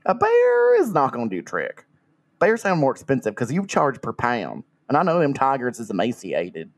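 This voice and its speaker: A man's voice: medium pitch, huge pitch swings, normal speed, vocal fry, heavily acted. A man voicing a brash Southern redneck customer in an improvised comedy bit, with a put-on Southern accent. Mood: indignant.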